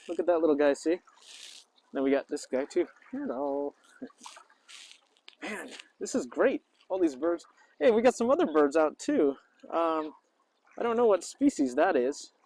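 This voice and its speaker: A slightly mellow male voice, recorded with poor audio, delivers casual vlog narration outdoors at a lakeside park. As a vlogger and English teacher host, he's chatty and playful and keeps greeting the birds in a raised, high voice, with geese and ducks honking faintly in the background.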